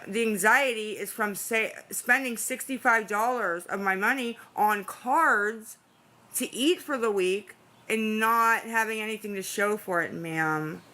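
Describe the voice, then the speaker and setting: Tired woman livestreaming, anxious and pleading, bright, tense tone, rambling casual chat. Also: mid-range voice. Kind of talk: casual live-stream chat.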